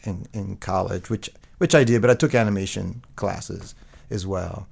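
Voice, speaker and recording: A middle-aged man talks in a low register with a rough, gravelly edge. He rambles through his stories with restarts and constant fillers, in a relaxed interview chat. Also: normal speed. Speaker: guest. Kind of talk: casual interview conversation.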